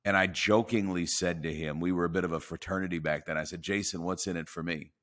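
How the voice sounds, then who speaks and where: A man's voice: low voice, steady tone, quick pace, fairly bright tone. A man in his forties, a podcast guest, telling a career story and acting out the dialogue with animation.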